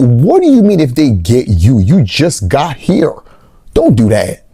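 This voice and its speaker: A man's voice: measured pace, slightly rough, dry recording. Male vlogger, comedic movie reviewer, dry close sound, rambling asides. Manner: animated, joking, big pitch jumps for punchlines.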